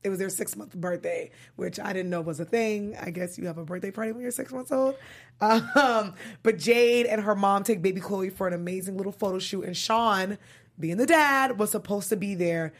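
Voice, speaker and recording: A young woman hosting a casual TV recap chat show, chatty and animated, laughing often. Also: medium pitch, normal speed. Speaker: podcast host.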